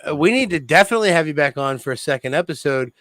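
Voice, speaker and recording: A man's voice: on the high side, expressive, rapid-fire, fairly bright tone, no echo, rough recording. A man hosting a podcast, effusively thanking his guest in casual chat. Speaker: podcast host.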